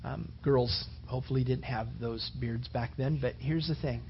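A man's voice: mid-range voice, steady tone, moderate pace, a little hiss or hum. A man preaching a conversational sermon, rambling casually and peppering his talk with "you know" and "man". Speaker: pastor. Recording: dull lo-fi recording.

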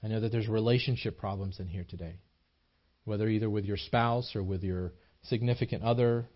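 His voice is fairly low, steady, and brisk, with the highs cut off in the recording. In a small church, the pastor preaches earnestly and emphatically, restarting often and repeating himself to build each point.

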